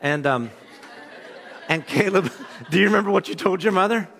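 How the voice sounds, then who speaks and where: A man's voice: high voice, lively intonation, fast, creaky, a bit bright, big-room sound, a faint crowd. A man in his thirties preaching a sermon, a pastor with a conversational, joking storytelling manner. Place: church hall.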